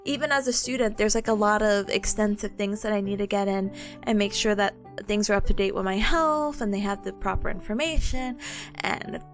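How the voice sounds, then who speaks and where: A woman's voice: medium pitch, a little fast, faint music behind. A woman in her twenties chatting on a stream, telling a story with lots of laughter and acting out what people said. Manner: animated storytelling, acts out quoted voices, laughs often. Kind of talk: casual chat stream.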